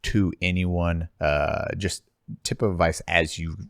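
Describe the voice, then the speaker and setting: A man's voice: low-pitched, steady tone, unhurried, no room sound, clean studio sound. A man hosting a podcast, chatting in a laid-back, jokey way with slang. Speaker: podcast host. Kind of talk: casual interview chat.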